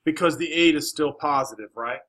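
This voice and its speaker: Male teacher, classroom, bright tone, encouraging and coaxing. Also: on the high side, fairly quick, rough recording. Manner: encouraging, coaxing questions, many "all right"s. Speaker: math teacher.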